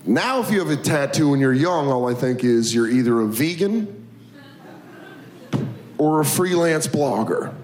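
A male stand-up comedian delivers self-mocking, deadpan punchlines, his pitch swinging widely as he acts out the bits. The set is taped live in an echoey club room with lots of crowd noise and laughter. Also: measured pace, long pauses. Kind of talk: stand-up routine. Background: audience laughter.

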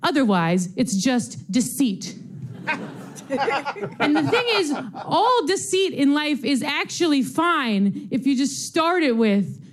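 A woman comedian performing a stand-up set with deadpan, wry delivery. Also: high-pitched, slow.

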